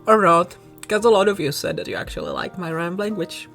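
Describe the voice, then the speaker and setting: Young Czech-accented woman, slightly low voice, rambling casual chat, soft music behind. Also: wildly swooping pitch, a little fast, creaky. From southern Bohemia, Czech Republic. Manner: rambling, self-conscious, laughs often. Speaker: YouTuber. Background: soft background music.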